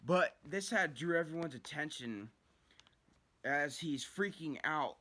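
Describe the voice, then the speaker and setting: A man's voice: a little high, animated, slow pace, pushed and bright. A young man telling a personal story in a casual, rambling way, swearing often and restarting his sentences. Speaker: storyteller vlogger.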